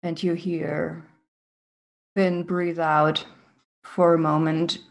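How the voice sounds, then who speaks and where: A woman narrating a tabletop game as game master in a slow, hushed, suspenseful way. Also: deep voice, level tone, vocal fry.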